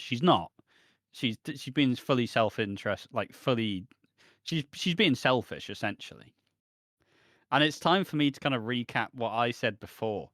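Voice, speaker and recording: A man's voice: mid-range voice, fairly bright tone, dry recording. Swearing British man, dry recording. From United Kingdom. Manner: swearing, laughing recap of soap episodes. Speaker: podcast host. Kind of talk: casual podcast chat.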